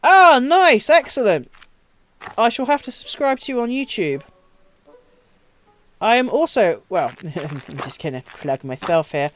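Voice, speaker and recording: A woman's voice: a little high, very animated, unhurried, a little hiss or hum. A woman live-streaming a game, chatting casually with her viewers, swearing freely and laughing often. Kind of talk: casual live-stream chat while playing.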